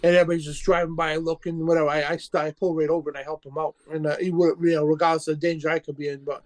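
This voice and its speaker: A man's voice: fairly high pitch, little pitch movement, racing. A man in a casual talk show conversation, earnest and plainspoken.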